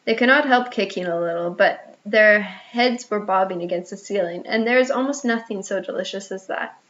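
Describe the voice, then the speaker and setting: A woman narrating a children's storybook in an expressive reading voice, with small restarts. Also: medium pitch, normal speed. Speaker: audiobook reader. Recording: slightly muffled lo-fi audio.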